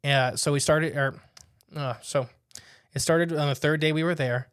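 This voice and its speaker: Young male podcast host, lively casual storyteller; somewhat high voice, dry close mic. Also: moderate pace, clear, resonant tone, no echo. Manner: animated storyteller, laughs while telling. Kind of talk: casual chat and reading listener stories aloud.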